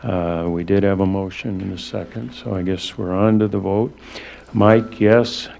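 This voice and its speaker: A man chairing a city council meeting as acting mayor, talking in a halting, relaxed way with many fillers. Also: low-pitched, creaky.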